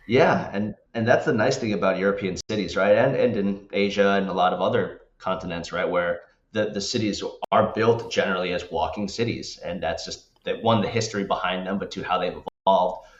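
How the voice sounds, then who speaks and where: A podcast guest with a deep voice talks a little fast, hardly pausing, as he rambles casually through an interview with many restarts and tag questions. The sound is echoey, dull and lo-fi.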